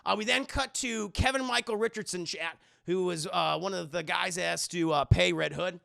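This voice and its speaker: A man streaming a casual, animated and profane movie recap while talking to his chat. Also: sits high, moderate pace, creaky.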